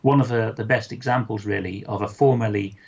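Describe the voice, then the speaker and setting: A man giving an interview, speaking articulately in measured sentences with many fillers. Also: lowish voice, steady tone, gravelly, darkish tone, breathy edge, dull audio. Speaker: interview guest. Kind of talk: conversational interview.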